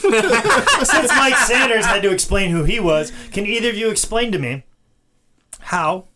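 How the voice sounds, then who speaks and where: A man's voice: high-pitched, expressive, a little slow, pushed and bright, a little hiss or hum. A man co-hosting a podcast in casual chat, joking and rambling, laughing often. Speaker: podcast co-host.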